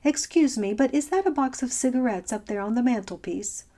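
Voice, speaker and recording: A woman voicing a breezy, slangy modern young woman who talks in a quick, offhand way. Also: fairly high pitch, lively intonation, mellow.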